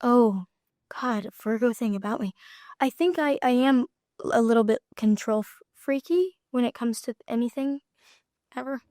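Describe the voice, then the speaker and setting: An actress chatting as an interview guest, giggling often and trailing off with lots of fillers. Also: female voice, fairly high pitch, normal speed, darkish tone, no echo, clean studio sound. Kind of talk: casual interview chat.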